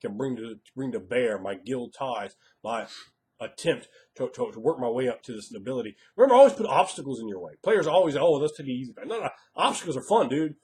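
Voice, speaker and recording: A man's voice: medium pitch, lively intonation, brisk, a little mellow. A man giving blunt, emphatic advice on tabletop role-playing as a game master, acting out quoted players. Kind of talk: casual advice monologue.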